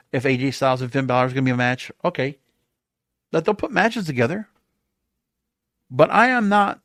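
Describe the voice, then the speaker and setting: A man with a somewhat high voice rants sarcastically into a close mic, throwing out exasperated rhetorical questions as he hosts his solo podcast. The sound is dry, with no room around it. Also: no echo. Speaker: wrestling podcast host. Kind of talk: opinionated solo podcast rant.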